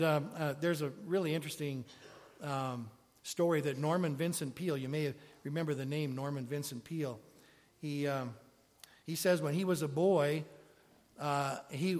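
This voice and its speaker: A man with a fairly high voice preaches a sermon in a church sanctuary. He talks in a conversational way and asks the congregation questions as he goes. His voice rings with the long reverb of a large hall.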